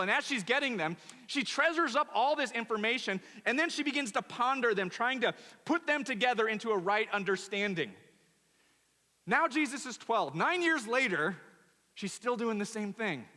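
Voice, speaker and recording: A male pastor preaching a sermon in a church, animated and emphatic, often repeating words. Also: very high-pitched, moderate pace. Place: church auditorium. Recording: long church hall reverb.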